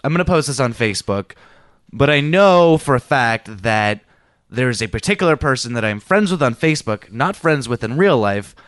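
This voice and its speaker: Podcast co-host, male, smooth clear voice, rambling halting delivery, dry close studio sound. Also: medium pitch, animated, a bit bright, no echo. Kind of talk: casual chat. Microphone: studio mic.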